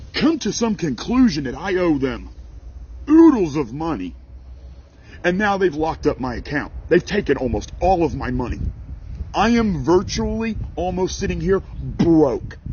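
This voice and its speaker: A man's voice: sits high, darkish tone, lo-fi sound, a little hiss or hum. An angry man, a farmer and small business owner, ranting to camera in a heated, indignant, exasperated way.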